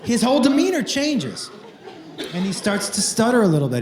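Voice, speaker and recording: A man doing animated, self-mocking stand-up storytelling on a club stage. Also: high-pitched, normal speed, crowd noise, background noise. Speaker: stand-up comedian. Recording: roomy club with live audience.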